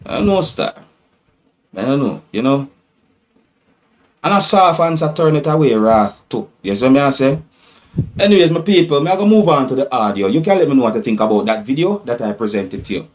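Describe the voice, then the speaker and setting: A man's voice: medium pitch, very animated, a little fast. A man with a Jamaican accent giving casual vlog commentary, musing and rambling, with frequent "you see me" tags. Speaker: vlogger commenting on news clips.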